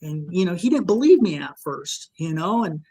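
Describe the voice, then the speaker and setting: A man guest on a podcast, recounting a frightening personal encounter in a halting, emotional way, full of restarts and "you know". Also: sits high, big pitch swings, warm tone. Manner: shaken, emotional retelling.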